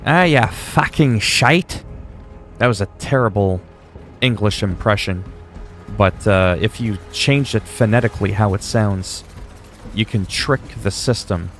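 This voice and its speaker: A man's voice: fairly low pitch, a little slow, soft background music. A man livestreaming and chatting casually while gaming, opinionated and rambling, swearing freely.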